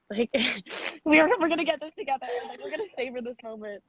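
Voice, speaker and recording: A woman's voice: high-pitched, brisk, fairly bright tone, husky. Playful woman on dull lo-fi stream audio. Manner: playful, bubbly, quotes herself in funny voices. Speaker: actress. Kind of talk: casual live-stream chat.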